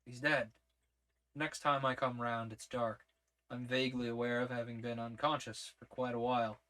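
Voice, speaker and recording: A man with a mid-pitched voice reads a first-person story aloud. His delivery is measured and steady, letting each scene unfold one clause at a time. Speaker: audiobook narrator.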